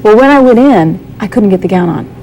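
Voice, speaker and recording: A woman's voice: mid-range voice, expressive, brisk, a little mellow, a little hiss or hum, poor audio. Earnest woman telling her story. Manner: earnest, candid storytelling with quoted dialogue. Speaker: guest. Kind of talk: personal testimony.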